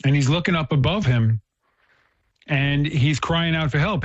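A man's voice: fairly high pitch, measured pace, dry recording. Earnest Catholic man telling a story, dull dry sound. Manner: earnest storyteller, restarts phrases, acts out quotes. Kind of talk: casual conversational talk.

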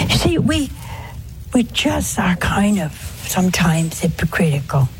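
Slow, folksy older woman preaching. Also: fairly low pitch, sing-song, a little hiss or hum. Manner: folksy, conversational, with rhetorical questions and gentle humor. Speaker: religious speaker. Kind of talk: talk to an audience on confession.

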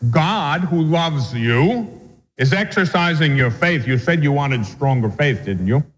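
A male priest teaching a catechism class, reading passages aloud slowly and then explaining them with everyday examples. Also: on the high side, fairly bright tone, a little hiss or hum. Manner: deliberate, reads text aloud then explains it with stories. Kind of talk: classroom lecture on religious doctrine. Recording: long hall reverb.

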